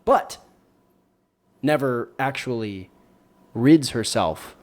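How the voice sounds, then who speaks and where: A man co-hosting a casual film podcast, summarizing a plot with sarcastic, drawn-out phrasing. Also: medium pitch, expressive. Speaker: podcast co-host. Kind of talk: casual chat.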